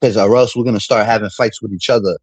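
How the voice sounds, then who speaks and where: A man's voice: fairly low pitch, fairly even intonation, fast talker, a little mellow, husky, no room sound, muffled recording. A man streaming a casual, heated monologue, full of street slang and repetition as he vents about a friend.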